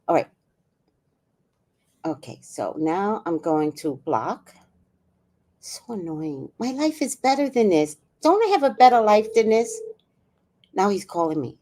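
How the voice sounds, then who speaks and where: A woman hosts a livestream, chatting casually with her viewers in an animated, exclaiming way and swearing freely. Her voice is medium in pitch, and she speaks unhurriedly with frequent pauses.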